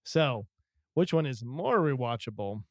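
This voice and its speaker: A man in casual podcast chat, mid-pitched and rambling, full of fillers and self-corrections. His voice is recorded close and dry, with no room sound. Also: animated, unhurried, no room sound. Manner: rambling, many fillers and restarts. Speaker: podcast co-host.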